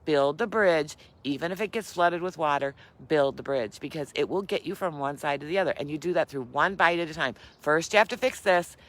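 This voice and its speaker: A woman's voice: deep voice, brisk, hardly any pauses, a bit bright. An older woman and grandmother hosting a casual motivational live stream, repeating her key lines for emphasis and laughing often. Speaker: keto vlogger and host.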